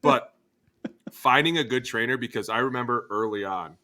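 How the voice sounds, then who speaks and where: A man's voice: medium pitch, moderate pace. A man in his thirties, a former football lineman co-hosting a podcast. He tells stories with energy, swears freely and acts out what people said. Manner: animated storyteller who acts out quotes, swears freely, laughs often. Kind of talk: casual chat.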